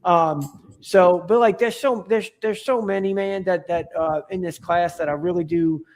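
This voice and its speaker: A man's voice: sits high, measured pace, a little mellow. A man talking as a podcast guest in casual chat, rambling and enthusiastic, with many restarts and fillers.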